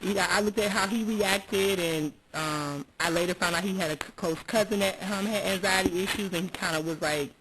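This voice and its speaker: A woman's voice: mid-range voice, normal speed, few pauses. A woman guesting on a podcast, talking openly and frankly, with lots of agreeing murmurs. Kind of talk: casual chat. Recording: loud background noise.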